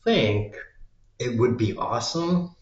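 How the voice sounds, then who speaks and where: An American man musing aloud in a slow, meandering solo monologue, trailing off into fillers. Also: medium pitch, lively intonation. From United States. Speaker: vlogger. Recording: dull lo-fi sound in an echoey room.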